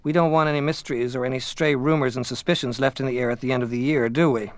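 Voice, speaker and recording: Male narrator doing a pompous teen schoolboy, measured and controlled, dry audiobook read. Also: medium pitch, no echo, natural voice. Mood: persuasive. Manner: grave, even, controlled. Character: teenage boarding-school boy, self-important, earnest, authoritative.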